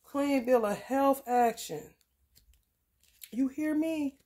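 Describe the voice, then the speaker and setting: Brash, profane woman with a high voice. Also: slow. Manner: blunt, profane, swinging between loud outbursts and muttered asides. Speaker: tarot reader. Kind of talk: casual tarot reading rant.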